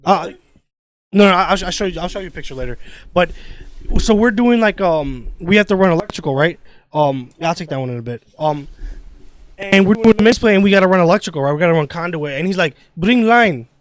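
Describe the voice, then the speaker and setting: A man's voice: high voice, animated, quick pace. A man hosting a podcast, talking in a profane, rambling rant full of restarts. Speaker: podcast host. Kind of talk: casual podcast chat.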